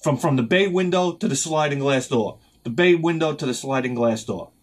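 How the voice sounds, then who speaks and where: A middle-aged man telling a rambling, profane story as a video host, sometimes shouting as he acts out his panic. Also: a little high, normal speed. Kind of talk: casual storytelling vlog.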